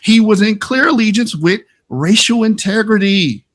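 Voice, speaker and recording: A man's voice: high-pitched, normal speed, fairly bright tone. A man giving a combative, emphatic debate rebuttal on an online stream, taunting his opponent as he argues. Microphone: online stream call mic.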